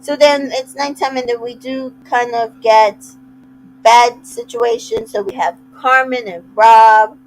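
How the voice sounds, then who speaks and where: A woman's voice: on the high side, lively intonation, unhurried, slight background noise, rough recording. A woman casually recapping a reality show, chatty and retelling scenes with little quoted asides. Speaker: recap host.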